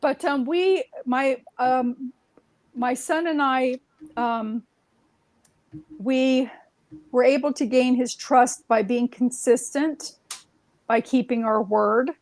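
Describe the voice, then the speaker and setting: A woman's voice: sits high, fairly even intonation, slow pace, long pauses, darkish tone, dry recording, rough recording. A woman telling stories in a casual, rambling way, full of "um"s and restarts. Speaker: guest. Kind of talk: casual conversational storytelling.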